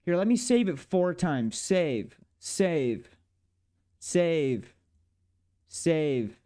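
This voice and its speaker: A man's voice: a little high, very animated, very slow, pauses often. A man narrating his game development work in a casual devlog, swearing and grumbling in exasperation as he goes. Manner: profane, exasperated grumbling at the software.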